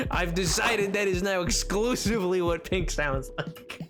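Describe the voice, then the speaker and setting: A man livestreaming a game, chatting casually to his viewers in an animated, giggly, rambling way. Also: high voice, unhurried, music in the background. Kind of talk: casual chat while gaming.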